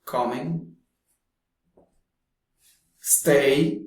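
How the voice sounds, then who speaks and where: A man teaching pronunciation in a slow, deliberate way, pausing often between phrases. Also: mid-range voice, steady tone. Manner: slow, deliberate, drawn-out speech with long pauses. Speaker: English teacher. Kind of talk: slow explanatory lesson. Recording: very echoey room.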